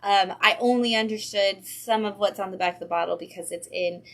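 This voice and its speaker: A woman's voice: mid-range voice, steady tone, brisk. A woman hosting a casual livestream from a comic book shop. She is chatty and upbeat and drops in frequent ums.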